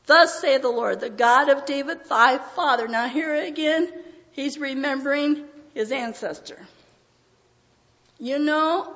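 A woman preaching a sermon with emotion, often pausing on "uh" as her voice breaks. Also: sits high, a bit bright. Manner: emotional, frequent "uh" fillers, voice breaking. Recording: dull audio in a reverberant hall.

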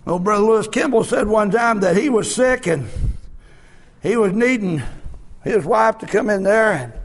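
Guy preaching loud w/ a really high voice, lots of uh's, then goes quiet and low. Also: expressive. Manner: shouted preaching with drawn-out "uh" fillers, dropping to soft low asides. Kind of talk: sermon.

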